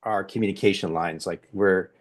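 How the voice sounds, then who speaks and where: A man's voice: low-pitched, steady tone, moderate pace. A man hosting a podcast discussion, talking in a rambling way with many restarts and fillers. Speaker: podcast host. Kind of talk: casual group discussion.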